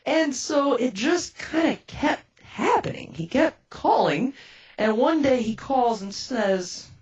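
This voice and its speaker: A woman, a radio producer, telling a personal story in a lively way and acting out both sides of the conversations she recounts. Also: sits high, takes it slowly, distant mic, dull audio.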